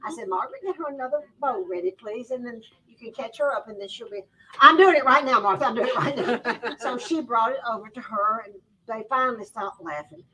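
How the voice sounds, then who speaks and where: Brisk, with lively intonation, a woman with a high, bright voice spins an animated story for a live audience at a store event where she's a sewing teacher and storyteller. Her talk is folksy and Southern-style, full of laughter, and the mic is a bit distant.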